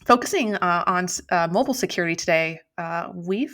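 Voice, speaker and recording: A woman co-hosts a podcast, welcoming guests and posing questions in an easy, chatty manner. Her voice sits slightly low for a woman. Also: animated, brisk, fairly bright tone. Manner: friendly, chatty. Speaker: podcast co-host. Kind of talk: podcast hosting.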